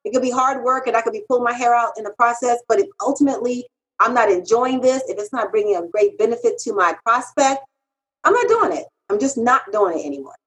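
Animated, emphatic woman copywriter. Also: fast talker, rough recording. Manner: animated, emphatic, pitch jumps when quoting herself. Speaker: freelance copywriter, guest. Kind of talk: candid interview storytelling.

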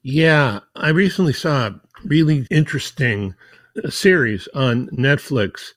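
A man's voice: mid-range voice, lively intonation, measured pace, dry recording, clean studio sound. A man hosting a marketing podcast, walking through a numbered list of tips and reading quotes aloud in a conversational way. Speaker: podcast host.

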